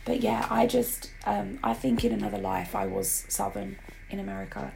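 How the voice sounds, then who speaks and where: A woman's voice: medium pitch, very animated, normal speed, vocal fry, noisy background. A woman with a sore throat co-hosting a podcast, chatting casually and animatedly about TV shows. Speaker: podcast co-host. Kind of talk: casual chat.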